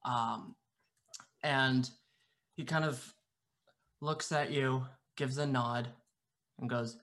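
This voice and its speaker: Man, tabletop player, rambling description, lots of ums, mid pitch. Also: steady tone, slow, pauses often, a bit bright. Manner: rambling, many fillers. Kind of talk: describing his character.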